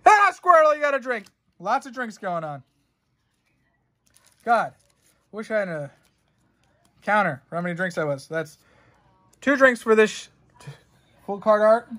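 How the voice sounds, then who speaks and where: Opening trading cards on a laid-back stream, a young man jokes and rambles to chat, cursing freely. He speaks high and bright with a pushed quality, swinging widely in pitch at a measured pace with long pauses.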